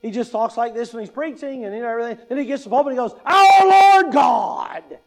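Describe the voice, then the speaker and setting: Man in his fifties, very high voice, pastor teaching, chatty, wry. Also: steady tone, rapid-fire, a little mellow. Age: 50s. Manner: conversational, asks "right?" often, wry humor. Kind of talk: teaching talk on public speaking.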